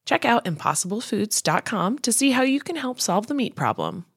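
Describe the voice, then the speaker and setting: A woman's voice: fairly high pitch, moderate pace, breathy edge, dry recording, clean studio sound. A woman reading a scripted ad in an upbeat way. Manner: upbeat, lively. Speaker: ad reader. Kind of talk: scripted ad read.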